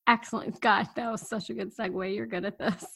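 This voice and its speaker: A middle-aged woman co-hosting a podcast in casual chat, animated and rambling, laughing often. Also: on the high side, moderate pace, creaky, husky. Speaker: podcast co-host.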